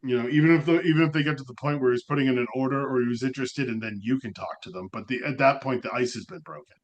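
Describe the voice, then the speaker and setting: Very fast and medium-pitched, with the highs cut off, a man rambles through casual podcast chat as co-host. He's animated and full of fillers, frequently "like."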